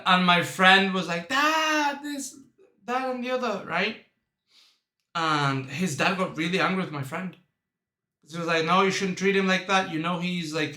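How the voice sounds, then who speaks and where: A man's voice: high voice, pushed and bright, roomy sound. A young man chatting casually while reacting to a video, telling rambling stories, laughing often and calling the listener bro. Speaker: reaction streamer. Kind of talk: casual chat.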